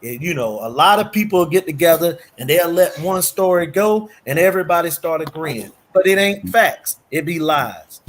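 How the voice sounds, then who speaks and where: Earnest middle-aged man, slightly higher voice. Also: lively intonation, normal speed, hardly any pauses, slight background noise. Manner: earnest, repeats himself, sprinkles "man" and "you know". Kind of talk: casual talk show discussion.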